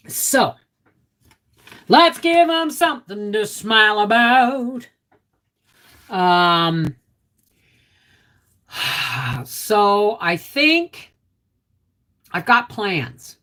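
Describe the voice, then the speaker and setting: Her medium-pitched, slightly bright voice swings widely in pitch, with drawn-out words and long pauses. This middle-aged homestead channel host chats casually with live stream viewers, reads their names aloud, and gets emotional.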